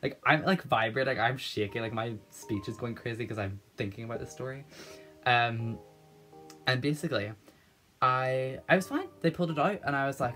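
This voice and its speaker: A man's voice: medium pitch, fairly quick, fairly bright tone, soft background music. A man telling a story in a casual vlog, rambling and nervous, with lots of restarts and fillers. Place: at home.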